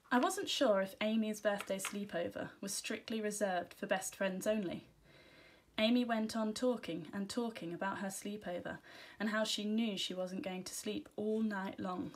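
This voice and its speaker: A woman teacher reading a children's storybook aloud, giving gentle, expressive first-person narration. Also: medium pitch.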